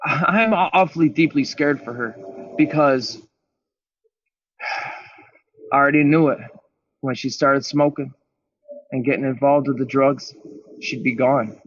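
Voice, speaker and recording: A man's voice: mid-range voice, measured pace, long pauses, husky, no room sound, lo-fi sound. A man guest on a podcast, telling his story in a blunt, emphatic way with plenty of swearing. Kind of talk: candid storytelling interview.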